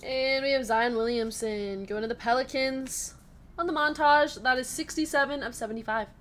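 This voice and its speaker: A woman's voice: high-pitched, normal speed, fairly bright tone. Giggly woman hosting a card break. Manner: giggly, laughs often between card calls; chatty, reads out chat comments and card details. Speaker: host of a trading card break stream. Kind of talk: live stream commentary.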